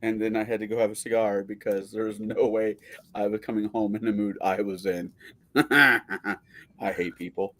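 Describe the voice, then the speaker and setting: A man chatting on a casual stream as a guest, telling animated stories and swearing freely. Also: on the low side, moderate pace. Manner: animated storyteller, swears a lot.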